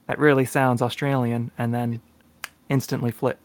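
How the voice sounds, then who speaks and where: Man, co-host, casual chat, hesitant, mid pitch. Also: flat delivery, normal speed. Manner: hesitant, many ums and uhs, laughs often. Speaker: podcast co-host and player.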